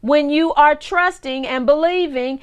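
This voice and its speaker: A woman's voice: high voice, unhurried. A woman in her forties, a minister giving a conversational teaching sermon, full of repetitions, restarts and playful asides to the cameraman. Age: 40s. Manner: repeats words and restarts often.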